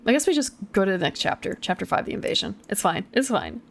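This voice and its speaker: A young woman streams herself reading a gamebook aloud, in a voice of ordinary middle pitch. She breaks off into chatty, giggly, self-deprecating remarks. Her tone stays casual throughout. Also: very animated, quick pace, vocal fry, slight background noise.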